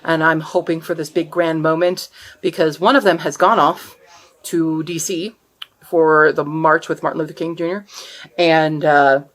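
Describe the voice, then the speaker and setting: A woman's voice: low voice, steady tone, a little slow, a bit bright. Rambling, chatty woman vlogger. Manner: rambling, chatty, often trails off and restarts. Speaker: book and craft vlogger. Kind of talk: casual vlog chat.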